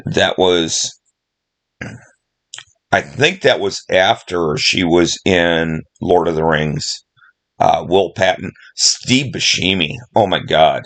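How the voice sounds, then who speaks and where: A man's voice: low voice, takes it slowly, long pauses, fairly bright tone. A middle-aged man rambling casually about movies he loves, emotional and full of fillers. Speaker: movie vlogger.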